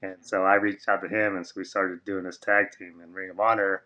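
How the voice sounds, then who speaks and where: A man's voice: steady tone, fairly quick, few pauses. Rambling man telling a story. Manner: rambling, filler-heavy, acts out quoted voices high and loud. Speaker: podcast guest, former wrestler. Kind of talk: casual storytelling interview.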